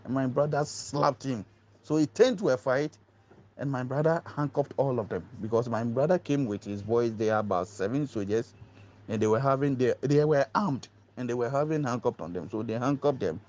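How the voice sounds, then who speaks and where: A man telling an animated first-person story, acting out quoted dialogue and often repeating words. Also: dull audio. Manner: acts out quoted dialogue, pitch jumping high on exclamations. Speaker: storyteller recounting an ordeal.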